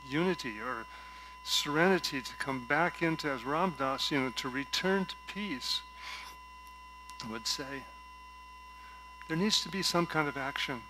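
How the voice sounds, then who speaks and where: A man preaching a gentle, reflective sermon from a stage at a spiritual center, telling a story and often dropping to a soft voice. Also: on the high side, noisy background. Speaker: guest speaker at a spiritual center.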